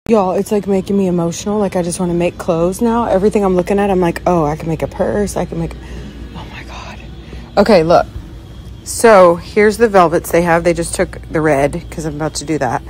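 A woman, talking casually and excitedly to her phone camera as she shops in a fabric store. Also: on the low side, brisk. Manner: chatty, excitable, says "y'all" and "freaking". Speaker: vlogger. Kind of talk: casual vlog narration. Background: background music.

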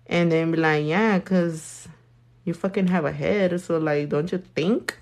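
A woman's voice: on the low side, steady tone, unhurried, vocal fry, darkish tone. A woman doing nails while talking casually to a live audience, blunt and profane, full of slang. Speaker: nail artist.

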